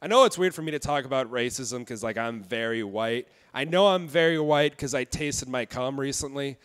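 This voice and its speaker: Smooth-voiced young man doing dark stand-up. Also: mid-range voice. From Indiana. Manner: deadpan dark jokes, halting with fillers. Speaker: stand-up comedian. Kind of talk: stand-up set. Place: comedy club stage.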